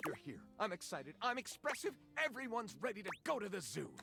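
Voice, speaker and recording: An excitable would-be novelist in a video game. He talks quickly and eagerly, his voice sitting high for a man and leaping around in pitch. He sounds wordy and thrilled by his own ideas. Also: gravelly, soft background music, heavily acted. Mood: excited. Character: eager, expressive male aspiring novelist character.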